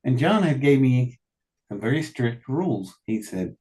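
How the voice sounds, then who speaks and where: A man telling animated anecdotes in a casual conversation, often laughing and quoting what people said. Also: medium pitch, measured pace. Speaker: guest telling stories. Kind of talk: casual storytelling.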